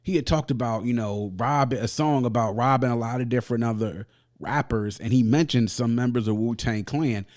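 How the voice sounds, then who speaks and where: A man's voice: medium pitch, normal speed. Slangy, laughing man reviewing an album. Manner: animated, slangy, laughs often. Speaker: podcast host, music reviewer. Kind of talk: casual solo review.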